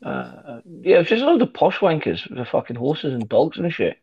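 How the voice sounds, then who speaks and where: A man's voice: on the high side, huge pitch swings, brisk, breathy edge. A man telling a rambling, sweary anecdote in casual chat with friends, full of fillers and restarts. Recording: dull lo-fi recording.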